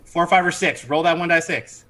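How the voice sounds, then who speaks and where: A man running a tabletop game as game master, narrating lively and laughing, stopping to correct himself. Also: on the high side, moderate pace.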